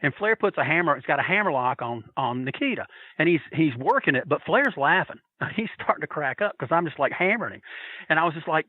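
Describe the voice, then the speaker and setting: A man telling wild stories as a podcast guest, animated and profane, laughing his way through them. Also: a little high, quick pace, no echo, phone-quality sound. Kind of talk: casual storytelling.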